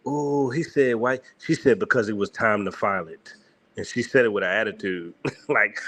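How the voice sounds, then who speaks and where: A man's voice: on the low side, normal speed, pushed and bright. A man hosting a reaction commentary, talking emphatically and often breaking into mocking laughter. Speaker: host.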